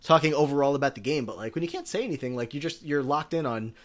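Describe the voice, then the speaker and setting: A man's voice: fairly high pitch, quick pace. Rambling man recapping a quiz show. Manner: rambling, lots of "like" and "uh". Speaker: podcast co-host. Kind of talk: casual recap chat.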